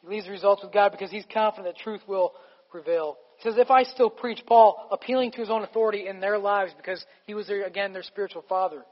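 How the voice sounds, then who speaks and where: Preaching fast, this high-voiced man gives a sermon that's emphatic but easygoing and conversational. A big hall lends his voice a long reverb, and the audio comes across a bit muffled.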